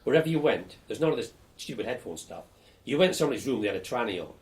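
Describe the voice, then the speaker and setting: An older man being interviewed for an oral history, telling lively, blunt stories about his student days. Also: mid-range voice, racing. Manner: lively storyteller, animated and blunt, swears casually.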